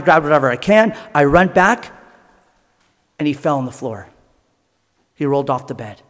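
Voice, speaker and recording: A man gives an earnest sermon, telling personal stories in short phrases with pauses between them. His voice sits slightly higher than usual for a man. It rings out with long reverb in a large hall. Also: fairly bright tone. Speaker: preacher. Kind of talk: sermon testimony.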